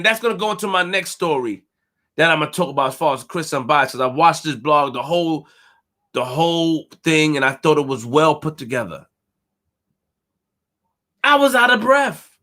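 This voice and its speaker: A man running a live stream gives animated commentary in a high, pushed, bright voice. He speaks emphatically, says things more than once, and talks right to his chat.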